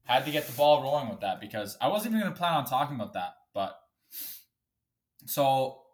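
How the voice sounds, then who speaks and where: A man's voice: mid-range voice, animated, a little fast. A man hosting a solo podcast from his bedroom, ranting angrily and swearing a lot, a bit sniffly. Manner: angry, profane, swears often. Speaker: podcast host.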